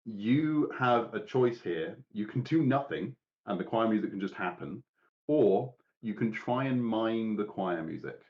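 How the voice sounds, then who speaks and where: A man running a tabletop game, narrating in a calm, measured way. His voice sits low, and the stream audio sounds slightly muffled and lo-fi. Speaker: game master.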